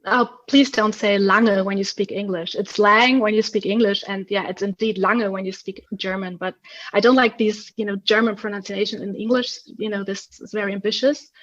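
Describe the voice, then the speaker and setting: A woman guest philosopher answering interview questions in a measured, explanatory way. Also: medium pitch, fairly even intonation, highs cut off.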